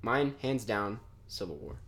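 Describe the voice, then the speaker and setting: Young guy hosting a podcast, lively up-and-down voice, rambles and laughs a lot. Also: fairly low pitch, a little slow. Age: young adult. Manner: rambling, laughs often, trails off. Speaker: podcast host. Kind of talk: casual chat.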